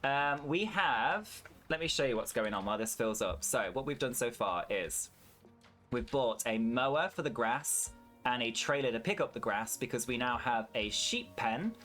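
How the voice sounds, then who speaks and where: A chatty British man talks his way through a farming game stream, swearing now and then and answering his chat. His voice sits at an ordinary middle pitch. Faint music plays quietly behind him. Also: lively intonation, moderate pace. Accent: British English. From United Kingdom. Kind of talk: casual gameplay stream chat.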